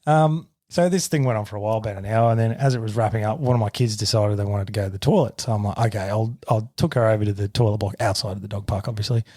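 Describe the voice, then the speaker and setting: A man in his thirties with an Australian accent, a podcast co-host telling a story in a sweary, animated way. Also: fairly low pitch, fast talker, hardly any pauses, no room sound, studio quality. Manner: sweary, animated retelling with shouted quotes. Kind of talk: casual storytelling.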